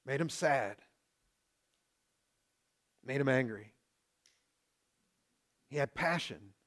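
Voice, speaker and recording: A pastor preaching a sermon, swinging between loud passionate build-ups and hushed, quiet appeals. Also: male voice, mid-range voice, lively intonation, drawn-out words.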